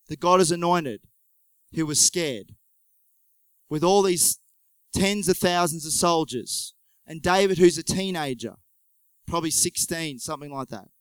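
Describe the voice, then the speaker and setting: A man preaching a conversational sermon, retelling a story with lively joking asides. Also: fairly high pitch, clean tone, no echo, rough recording. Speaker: pastor.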